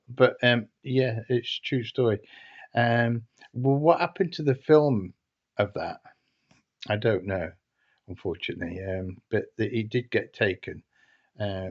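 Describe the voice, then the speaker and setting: In a fairly low voice, a man tells a casual, wandering anecdote, hesitating often and restarting his sentences. The audio is dull and lo-fi.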